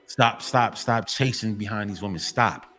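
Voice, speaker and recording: Man lecturing low and preachy. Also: moderate pace, faint music behind. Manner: repetitive, lecturing, keeps addressing "gentlemen"; blunt and exhortative, half-censored swearing. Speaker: men's motivational vlogger. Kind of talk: preachy motivational monologue.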